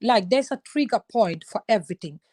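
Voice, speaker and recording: A woman in her thirties talking in a casual, animated way, now and then slipping in short Wolof phrases. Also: medium pitch, a little fast. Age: 30s. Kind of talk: casual conversation.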